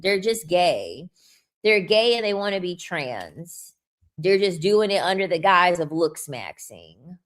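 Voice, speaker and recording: A young woman vlogging a blunt, profane, mocking rant to the camera. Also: medium pitch. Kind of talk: ranting commentary.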